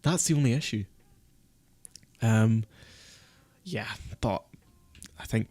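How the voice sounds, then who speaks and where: A man on a casual live stream, panicking and berating himself in a fast-swinging, swearing ramble. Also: lowish voice, dark tone, no echo. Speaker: fantasy football streamer.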